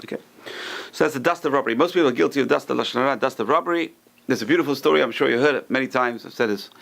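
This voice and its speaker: A man's voice: medium pitch, racing, creaky, fairly bright tone. A man teaching an informal Torah class as a rabbi, talking conversationally and acting out gossipy lines with joking asides.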